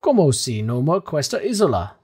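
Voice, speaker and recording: A proud, pompous older professor, as a narrator puts him on, who lectures insistently and flies up into shrill indignation. The voice sounds husky and swings widely in pitch. It suits an old-fashioned adventure storybook. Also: male voice, very animated, brisk, dark tone, exaggerated voice. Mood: impatient.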